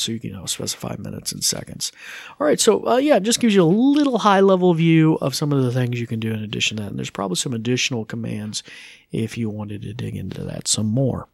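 A man hosting a podcast, explaining smart devices in a casual, halting way with many fillers. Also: mid-range voice, expressive, vocal fry, slightly rough, dry recording, clean studio sound. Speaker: podcast host. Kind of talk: casual tech tutorial.

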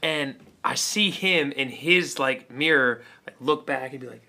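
A man co-hosting a podcast, telling a story in casual, animated chat and swearing freely. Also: medium pitch, measured pace, few pauses. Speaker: podcast co-host.

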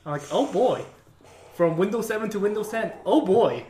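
A man's voice: high-pitched, expressive, normal speed, dark tone, distant mic, slight background noise. A man who works IT help desk tells work stories casually, swearing and laughing. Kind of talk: casual chat. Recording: echoey room, off-mic.

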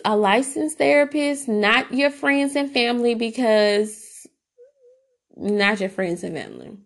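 A young adult woman hosting a podcast, telling personal stories in a candid, casual way with fillers and restarts. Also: fairly high pitch. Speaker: podcast host.

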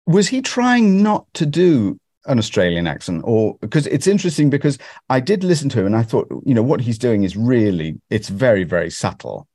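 A man's voice: mid-range voice, sing-song, a little fast, few pauses, warm tone, no room sound, clean studio sound. A man from Britain, a guest actor, chatting in an interview in a self-deprecating way with frequent restarts. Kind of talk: conversational interview.

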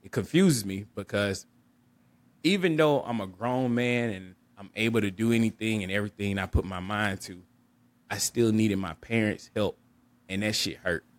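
A man with a fairly low voice tells a personal story on a podcast. He talks candidly and reflectively, often restarting and repeating words as he works through his thoughts. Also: moderate pace, dry recording. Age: adult. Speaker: podcast co-host.

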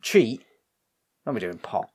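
Man, casual co-host, lively pitch, sweary, mimics voices while retelling scenes. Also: slow pace, crowd noise. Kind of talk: casual chat.

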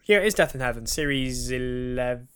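A man co-hosting a casual podcast. He speaks conversationally at a middling pitch, working through a listener's question. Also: a little fast, clean tone. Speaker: podcast co-host. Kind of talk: casual chat.

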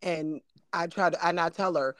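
A woman's voice: on the low side, fairly even intonation, moderate pace, no echo, studio quality. A middle-aged woman co-hosting a casual podcast chat as a mother, talking earnestly with lots of "you know" fillers and easy laughter.

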